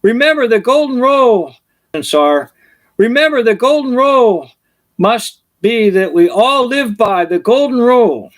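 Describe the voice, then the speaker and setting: A man's voice: extremely high pitch, lively intonation, unhurried, voice pushed up. A man doing a pompous medieval king. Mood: proclaiming. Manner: lofty, proclaiming.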